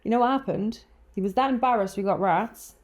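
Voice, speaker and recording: A woman co-hosting a podcast, chatting casually and telling an animated story with acted-out quotes and frequent laughter. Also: medium pitch, brisk. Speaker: podcast co-host. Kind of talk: casual chat.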